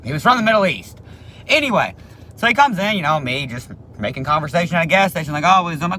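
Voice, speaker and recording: A man telling a personal story to camera in a casual, animated way, swearing freely and acting out what people said. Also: a little high, quick pace, a little hiss or hum. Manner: animated, swears casually, acts out quoted speech.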